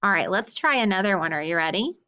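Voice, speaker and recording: A woman's voice: medium pitch, lively intonation, bright, forceful tone, lo-fi sound. Encouraging woman teaching phonics. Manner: encouraging, slow sounding-out of words. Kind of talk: phonics lesson.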